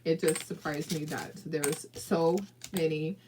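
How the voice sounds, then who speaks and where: A woman's voice: low-pitched, fairly even intonation, a little slow, noisy background. A woman from southern California hosting a casual crafting livestream, chatty and encouraging, talking straight to viewers and laughing often. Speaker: craft video host.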